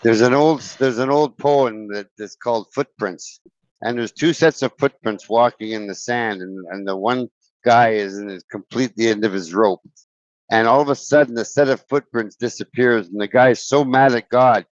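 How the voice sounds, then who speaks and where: A man's voice: mid-range voice, normal speed, dry recording. A man hosting a podcast in casual chat, musing aloud and asking reflective questions. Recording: dull, lo-fi, dry podcast audio.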